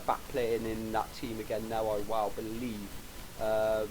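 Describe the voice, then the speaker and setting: A man's voice: medium pitch, background noise. A man hosting a casual gaming league chat, laddish and rambling with lots of restarts. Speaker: show host.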